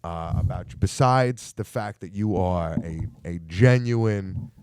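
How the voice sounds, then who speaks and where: Eager low-voiced male host. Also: unhurried, a little mellow, a little hiss or hum. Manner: enthusiastic, stammering restarts. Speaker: podcast host. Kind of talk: casual chat.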